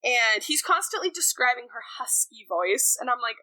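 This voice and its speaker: A young woman co-hosting a casual book podcast, talking in an animated way, laughing often and acting out characters' lines. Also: sits high, moderate pace, few pauses, no room sound, low-quality recording. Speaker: podcast co-host. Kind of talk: casual book discussion chat.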